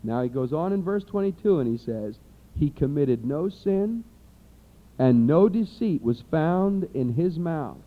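A male preacher delivering a sermon with a high, lively voice that swoops up and down as he acts out little scenes for his listeners. The recording is dull and lo-fi, with the top end muffled. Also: unhurried.

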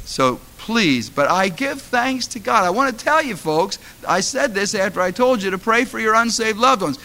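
A man's voice: sits high, animated, moderate pace, pushed and bright. A middle-aged man, a pastor, delivering a sermon with impassioned storytelling that rises to fervent exhortation.

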